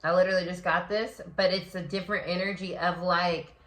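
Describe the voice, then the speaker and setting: A woman gives a solo tarot reading in a bright, forward voice. She talks freely with plenty of fillers and slips into acted-out inner voices. The recording carries a noticeable echo from the room. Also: fairly low pitch, a little fast. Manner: expressive, many fillers, acts out inner voices. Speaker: tarot reader and astrology host.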